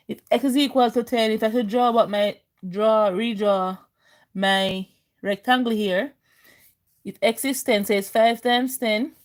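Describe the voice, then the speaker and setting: A woman math teacher, chatting with her viewers as she works through an online lesson. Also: medium pitch. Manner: chatty, addresses viewers as guys.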